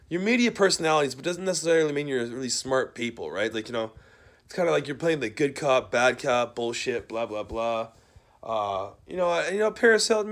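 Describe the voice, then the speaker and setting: A man on a rambling, profane rant, his fairly high voice leaping up and down in pitch. He lurches from loud bursts to low mutters and keeps ending sentences with "man.". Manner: profane, rambling, tags "man" onto nearly every sentence; swings between loud outbursts and low mutters. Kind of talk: rambling angry monologue.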